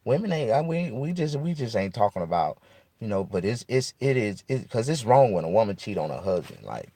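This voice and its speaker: A man's voice: lowish voice, sing-song, brisk, warm tone. A man, a barber and comedian, ranting freestyle in his car in a rambling, profane, boastful way. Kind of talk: improvised casual rant.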